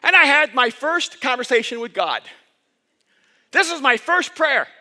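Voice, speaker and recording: Male pastor, sermon, impassioned, very high bright voice. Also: lively intonation, a little slow. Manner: impassioned storytelling, rising to near-shouts.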